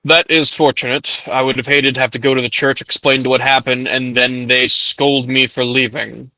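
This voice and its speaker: Man voicing a pious male church warrior: stern, formal, bright tone. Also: medium pitch, flat delivery, moderate pace, dry recording, rough recording. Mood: earnest.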